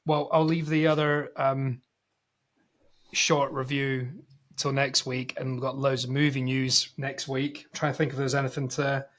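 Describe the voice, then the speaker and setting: A man's voice: mid-range voice, flat delivery, unhurried, fairly bright tone. A Scottish man hosting a casual movie podcast, jokey as he wraps up the episode. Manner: jokey, wrapping up the show. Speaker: podcast host. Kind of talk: casual chat.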